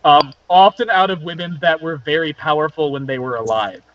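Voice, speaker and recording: A man with a fairly high voice runs a tabletop game, speaking fairly quickly as he lays out rules and narrative. He rambles and explains with plenty of fillers, and the audio is dry, dull and lo-fi.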